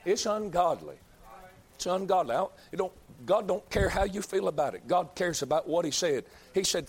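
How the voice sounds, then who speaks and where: Man in the pulpit, high-pitched, fiery, repeats himself, builds to shouting. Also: lively intonation, normal speed, slightly rough. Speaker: preacher. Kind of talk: fiery sermon.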